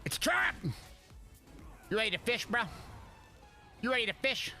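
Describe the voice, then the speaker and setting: A young man streaming a player-versus-player online game, chatting with viewers and shouting excitedly during fights. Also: very high-pitched, moderate pace, long pauses, faint music behind. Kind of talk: live gameplay commentary.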